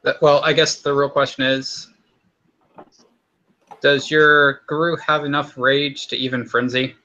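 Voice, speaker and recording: A man with a bright, forceful voice chats casually during a tabletop game. He questions the rules closely and keeps pressing his point. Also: medium pitch, flat delivery, unhurried, highs cut off. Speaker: player.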